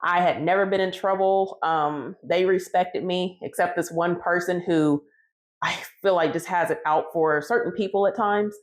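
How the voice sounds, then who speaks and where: A woman's voice: on the low side, fairly even intonation, moderate pace. A woman who bakes cakes, recounting her story casually in a conversational vlog. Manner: casual, conversational, retelling dialogue. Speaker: home cake baker telling her story.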